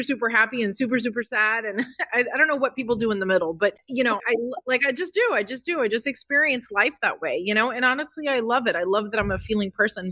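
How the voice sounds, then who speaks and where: A woman's voice: a little high, bright, forceful tone, no echo. A middle-aged woman, a podcast guest, telling personal stories in an emotional, rambling way full of fillers. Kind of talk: casual interview chat.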